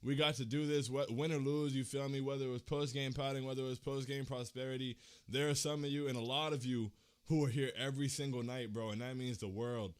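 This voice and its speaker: A man's voice: mid-range voice, steady tone, quick pace, smooth. A young man hosting a fan livestream, talking casually in slang and holding back tears, repeating himself as he thanks his viewers. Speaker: fan channel host.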